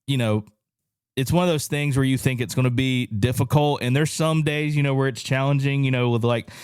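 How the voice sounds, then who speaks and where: A man's voice: medium pitch, steady tone, brisk, clean tone, no echo, clean studio sound. A young man co-hosting and producing a podcast, chatting casually with plenty of fillers. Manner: chatty, heavy fillers, laughs easily. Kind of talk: casual chat. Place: podcast studio. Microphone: studio microphone.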